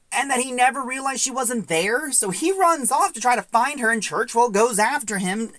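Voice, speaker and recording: A woman's voice: on the high side, no room sound. A young woman casually recapping and reviewing an audio drama, retelling scenes in a chatty way with many asides.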